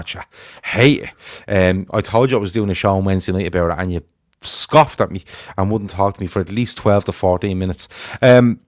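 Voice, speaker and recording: A man's voice: low voice, no echo, clean studio sound. Opinionated man hosting a football chat. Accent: Liverpool. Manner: animated, opinionated, frequent ums. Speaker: podcast host.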